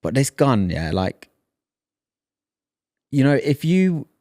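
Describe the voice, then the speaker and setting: A man's voice: medium pitch, very animated, takes it slowly, a little mellow, dry recording, clean studio sound. A man in his thirties, a podcast co-host telling a story in casual chat and acting out the lines he quotes.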